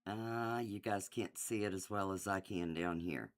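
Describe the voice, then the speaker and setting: A woman's voice: rumbling low, measured pace. A middle-aged woman hosting a live quilt shop sale in her shop, chatty and enthusiastic, laughing often and reading out item numbers. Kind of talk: casual live-stream sales chat.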